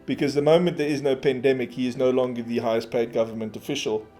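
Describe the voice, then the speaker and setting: A man's voice: medium pitch, fairly even intonation, quick pace, mellow, soft background music. A man, co-hosting a podcast in casual, rambling, sweary chat. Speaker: podcast co-host.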